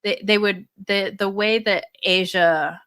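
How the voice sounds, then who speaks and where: A woman's voice: mid-range voice, fairly even intonation, a little slow, fairly bright tone, no echo. A woman co-hosting a podcast, talking casually and thoughtfully, with many fillers and restarts. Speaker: podcast co-host. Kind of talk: casual chat.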